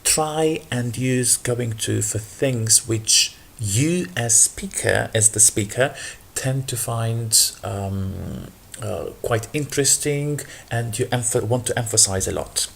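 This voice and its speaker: A man's voice: medium pitch, slow pace, gravelly, a bit bright, slight background noise. A man explaining English grammar in an unscripted lesson, patient and full of ums, switching to a livelier voice for example sentences. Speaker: English teacher.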